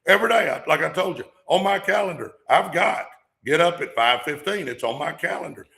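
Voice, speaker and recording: A man delivering a fired-up motivational talk on his livestream podcast, preaching and hammering home catchphrases. His voice sits a bit high, with a forceful, tense brightness and a gravelly rasp. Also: lively intonation, a little fast. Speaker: podcast host.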